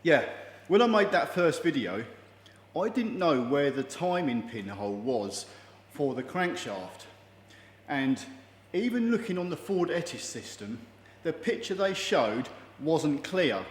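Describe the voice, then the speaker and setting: Jokey DIY mechanic, upper-middle pitch, roomy reverb. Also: male voice, big pitch swings, measured pace, slight background noise. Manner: chatty, jokey, self-deprecating. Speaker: mechanic vlogger. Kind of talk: casual workshop vlog. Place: garage workshop. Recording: echoey room with long reverb.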